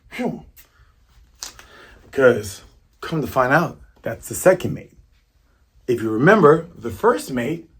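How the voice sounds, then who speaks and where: Jokey, slangy male manga reviewer. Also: medium pitch. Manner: rambling, jokey, slangy, animated. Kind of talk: casual commentary.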